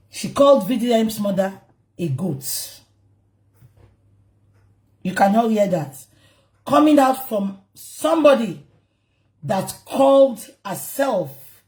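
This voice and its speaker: A woman's voice: medium pitch, warm tone. Indignant Nigerian woman hosting a livestream. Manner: indignant, repeats questions to viewers. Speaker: livestream host. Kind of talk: live gossip commentary. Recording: roomy echo.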